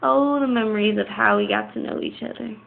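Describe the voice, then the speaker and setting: A woman's voice: a little high, vocal fry. A middle-aged mother speaking fondly and teasingly to her daughter's boyfriend. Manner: slow, teasing, fond. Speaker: girlfriend's mother. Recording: tinny phone-like audio.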